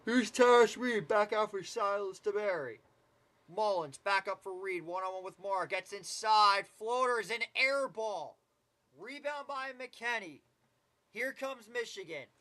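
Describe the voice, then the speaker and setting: A man with a high, bright voice calls a basketball game play by play. He's casual and chatty, dropping side comments and the odd swear between plays. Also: measured pace.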